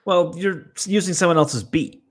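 A man's voice: high voice, moderate pace. A man co-hosting a podcast in casual chat, often stammering and restarting his sentences. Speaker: podcast co-host.

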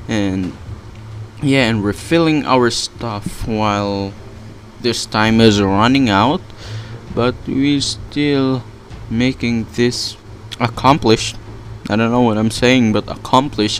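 A man's voice: mid-range voice, a little hiss or hum. Panicky young man narrating his gameplay. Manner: panicky, exclaiming, laughing often. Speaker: gaming channel host. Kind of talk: live gameplay commentary.

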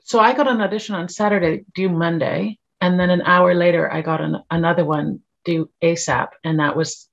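A woman's voice: lowish voice, steady tone, moderate pace, creaky, few pauses, muffled recording. A middle-aged woman from Canada, a guest actor telling stories in casual chat. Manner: chatty, storytelling with laughs.

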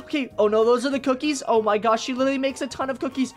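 A young woman giving excitable let's-play commentary, often shrieking and gasping. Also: high voice, brisk, few pauses. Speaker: gaming YouTuber.

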